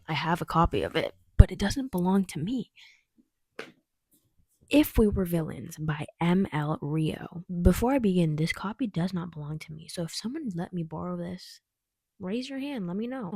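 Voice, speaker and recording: A young adult book vlogger sits indoors at home giving chatty, tangent-filled reviews of her reads, laughing frequently. Her voice is fairly low, creaky, darkish, and slightly rough, in a dry, clean studio recording.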